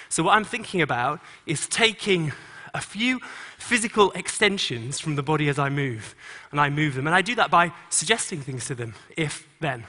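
A middle-aged choreographer on a conference stage, speaking to an audience and directing dancers with quick instructions and rhythmic sound cues. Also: male voice, fairly high pitch, big-room sound. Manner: encouraging, energetic coaching.

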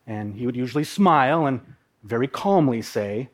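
A middle-aged man from Minnesota telling a personal story in a vivid, animated way. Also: medium pitch, normal speed. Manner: vivid, emotional, animated narration.

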